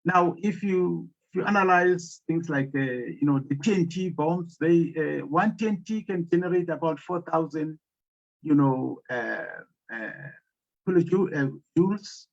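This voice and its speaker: A man giving a storytelling lecture on African philosophy, speaking haltingly with many fillers and pauses. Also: on the high side, creaky. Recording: muffled lo-fi audio.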